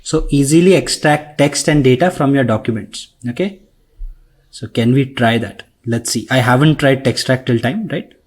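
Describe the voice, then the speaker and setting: A man leading a screen-share software tutorial, talking conversationally and tagging his sentences with "right?" and "okay?". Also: mid-range voice, moderate pace, husky. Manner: conversational, frequent "right?" tags and fillers. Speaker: instructor. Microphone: recording mic.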